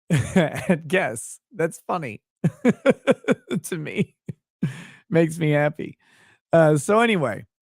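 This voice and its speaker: A man hosting a casual live stream, talking in a rambling, halting way with wry asides. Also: on the high side, no room sound, studio quality. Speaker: livestream host and lawyer. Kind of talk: casual livestream chat.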